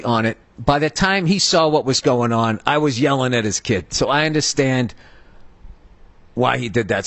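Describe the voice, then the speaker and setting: A man's voice: mid-range voice, a bit bright, dry recording. Heated profane middle-aged man ranting. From United States. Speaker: podcast host. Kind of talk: comedic storytelling rant.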